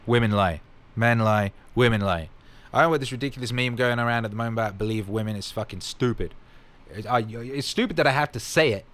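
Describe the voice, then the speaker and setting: A man talking through a casual livestream Q&A, answering viewers' questions one by one. He is blunt and emphatic, swears freely, and keeps coming back to the same punchy catchphrases. His voice sits at an ordinary male pitch. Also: quick pace, a bit bright. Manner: repeats catchphrases.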